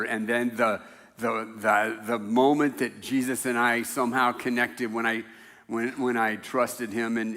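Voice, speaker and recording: Older male pastor, bright voice, chatty storyteller who laughs at his own jokes; church hall echo. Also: medium pitch. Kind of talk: casual conversational sermon. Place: church sanctuary.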